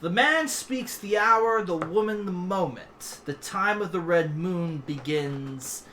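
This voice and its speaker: A gruff, wary golem pawn lurking in the sewers of a tabletop game, as a male game master puts him on. He talks bluntly and roughly, cutting corners on his grammar. A faint noise sits behind him. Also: high voice, animated, slow pace, pushed and bright, exaggerated voice. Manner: blunt, street-rough talk.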